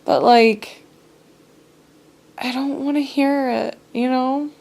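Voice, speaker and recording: A woman's voice: high voice, fairly even intonation, slow, vocal fry, darkish tone. Rambling young woman telling a story. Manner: rambling, filler-heavy storytelling. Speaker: vlogger. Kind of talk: casual storytelling chat.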